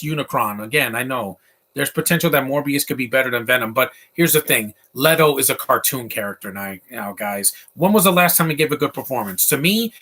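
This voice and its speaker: Rambling opinionated man with a husky tone. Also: medium pitch, sharp tone. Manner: opinionated, rambling, with fillers and asides. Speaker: film commentator. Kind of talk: casual live movie commentary.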